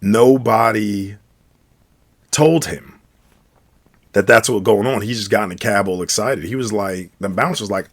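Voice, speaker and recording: A young man with a fairly low voice tells a night-out story in a relaxed, casual way. He is animated and keeps acting out the other people's lines with quick shifts in voice.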